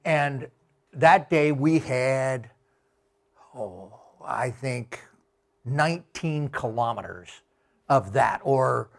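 A middle-aged man giving a talk with slides, telling travel anecdotes slowly with many fillers. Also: medium pitch, gravelly. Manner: slow, unhurried anecdotes with fillers. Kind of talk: storytelling talk.

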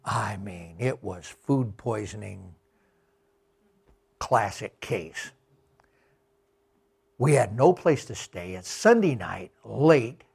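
A middle-aged man giving a talk with slides, telling travel anecdotes slowly with many fillers. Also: lowish voice, lively intonation, gravelly, darkish tone, slightly rough. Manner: slow, unhurried anecdotes with fillers. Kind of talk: storytelling talk.

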